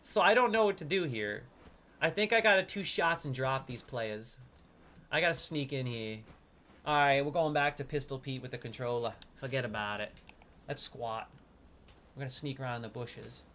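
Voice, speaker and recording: A man giving casual gameplay commentary as a streamer, excitable, swinging from hushed sneaking talk to loud outbursts. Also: medium pitch, moderate pace. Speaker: gaming streamer.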